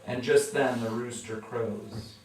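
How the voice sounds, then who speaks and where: A man preaching a sermon as pastor, who acts out the voices of the people in the story and gets louder and higher for their quotes. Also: fairly even intonation, takes it slowly. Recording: echoey room from far off.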